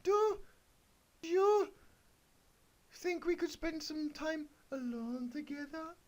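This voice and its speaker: A man voicing a sweet young pony mare in a girly falsetto, stumbling over the words. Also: lively intonation, takes it slowly, darkish tone, exaggerated voice. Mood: sugary.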